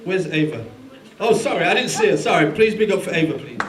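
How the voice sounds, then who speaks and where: A man with a high voice introduces each part of a live event, chatty and loose with fillers. He is heard from some distance in a large echoey hall, with a crowd faintly behind him. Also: very animated, fairly quick. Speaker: event host.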